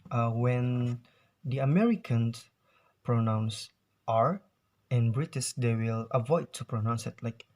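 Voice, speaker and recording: A young man talks through a classroom-style explanation at an unhurried pace. His pitch sits in the usual middle range for a man. He stops to say example words aloud with care. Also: a little mellow. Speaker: student presenter. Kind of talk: explaining pronunciation to camera.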